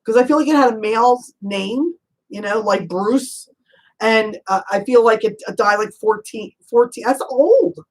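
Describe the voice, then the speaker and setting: Her voice sits a little high, and the recording is rough. Working as a psychic medium, this woman gives an easygoing reading full of warm endearments like honey, frequent "you know"s, ready laughter, and rapid questions that probe.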